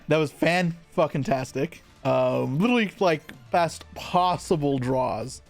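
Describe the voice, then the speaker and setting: A man giving live commentary on his card game, thinking aloud in quick, muttered asides as he plays. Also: medium pitch, gravelly, faint music behind.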